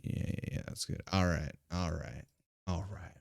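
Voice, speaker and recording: Deep-voiced man rambling playfully. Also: fairly even intonation, normal speed, vocal fry, no echo, studio quality. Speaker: streamer. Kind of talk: casual chat while live-streaming a game.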